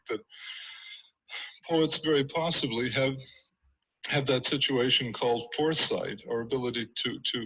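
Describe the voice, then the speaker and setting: A man giving a reflective talk on poetry in an old archival recording, halting and searching for words with many restarts. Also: medium pitch, bright, forceful tone, slightly rough, poor audio. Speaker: poet speaking in an archival recording.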